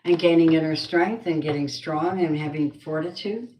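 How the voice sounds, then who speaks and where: Low-voiced blunt woman reading tarot. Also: normal speed, darkish tone, reverberant, low-quality recording. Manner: blunt and earthy, muttering asides. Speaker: tarot card reader. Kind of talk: spoken tarot reading with prayer.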